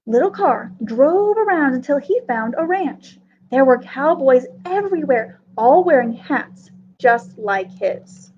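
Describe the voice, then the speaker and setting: A woman reading a picture book aloud as a children's librarian, in an expressive storytelling manner. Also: high-pitched, unhurried, muffled recording, slight background noise.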